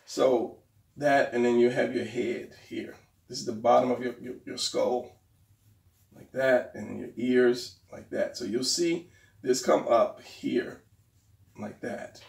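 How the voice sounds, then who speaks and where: A man's voice: medium pitch, takes it slowly, gravelly. A man giving a casual drawing tutorial, thinking aloud as he sketches and points things out. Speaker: art instructor. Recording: roomy, distant mic.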